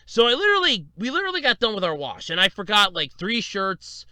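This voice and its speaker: A man's voice: high voice, fast talker, no echo. A man hosting his own podcast, rambling through casual stories about his week and acting out what people said. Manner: rambling storyteller, animated retellings with laughs. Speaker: podcast host. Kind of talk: casual solo podcast monologue.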